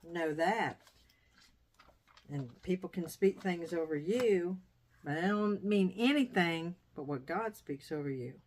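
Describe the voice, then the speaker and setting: A middle-aged woman vlogs casually from a dining room that serves as her sewing room, speaking slowly in a fairly low voice with lively intonation. She is chatty and digressive, wandering off topic and returning, with a little hiss or hum in the audio.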